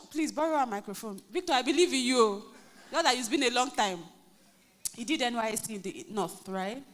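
A Nigerian woman pastor preaching a lively sermon, acting out quotes and joking with her congregation. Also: on the high side. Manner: animated, acts out quotes, jokes with the congregation. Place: church hall. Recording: reverberant church hall.

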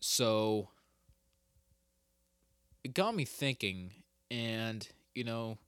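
Slow, rambling man with a low voice. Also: a bit bright, clean tone, no echo, studio quality. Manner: rambling, self-interrupting, swears a lot. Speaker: podcast host. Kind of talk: casual solo podcast talk.

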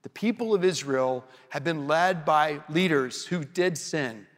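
High-voiced man preaching in a reverberant hall. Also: animated, unhurried. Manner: varies pace and loudness for emphasis. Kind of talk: expository sermon.

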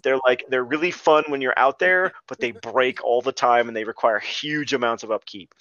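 A man's voice: mid-range voice, normal speed, a bit bright, dry recording, lo-fi sound. A man co-hosting a casual movie podcast, rambling and laughing as he retells scenes. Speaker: podcast co-host. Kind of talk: casual movie review chat.

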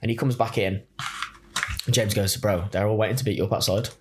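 A man's voice: fairly low pitch, fast talker, noisy background. A young man, telling rowdy anecdotes in casual chat with friends, swearing and laughing often. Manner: animated, swearing, bursts of laughter.

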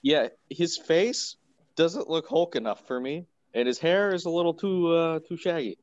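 A man's voice: fairly high pitch, moderate pace, a little mellow, dry recording, highs cut off. A man co-hosting a podcast, casually recapping a cartoon episode in a rambling, laid-back way with lots of filler words, over a computer mic on a video call. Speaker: podcast co-host. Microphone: home computer mic on a video call.

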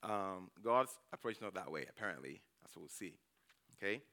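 A man's voice: low voice, animated, normal speed, pushed and bright. A man, a church elder, preaching a conversational sermon, telling stories and often checking in with the congregation by asking "okay?". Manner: acts out his own quoted reactions.

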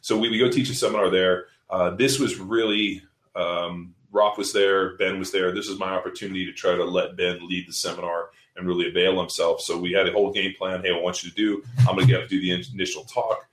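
Speaking fast in a low, level voice, a fitness seminar coach tells a story in casual podcast style. He's blunt and swears freely, acting out what people said, and the sound is reverberant.

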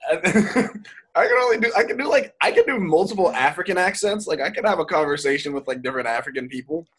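Husky, lively man laughing through chat. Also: on the high side, brisk. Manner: giggly, laughs often. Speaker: comedian podcast co-host. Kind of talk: casual chat.

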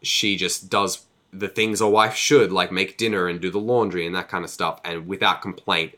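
A man's voice: deep voice, fairly even intonation, normal speed, bright, forceful tone. A man in a casual podcast chat, recapping a book in a rambling, profane way, full of fillers and mock voices for characters. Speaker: podcast co-host.

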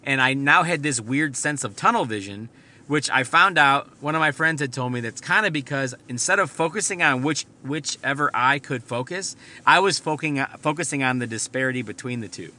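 A man's voice: medium pitch, animated, a little fast, sharp tone. A man hosting a podcast, telling a rambling, profane story from inside his car. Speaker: podcast host. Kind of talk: casual storytelling monologue.

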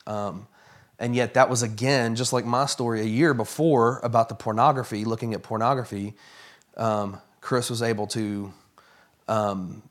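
A man telling a personal story as a guest in a conversation, earnest and halting with many fillers. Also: mid-range voice, steady tone.

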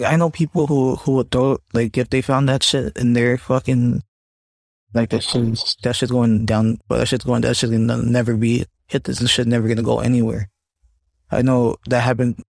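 Vlogger guy, husky and dry-sounding, rambling rant with lots of swearing. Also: medium pitch, level tone, moderate pace, no room sound. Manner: rambling, heavy swearing, many restarts. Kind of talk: casual rant to camera.

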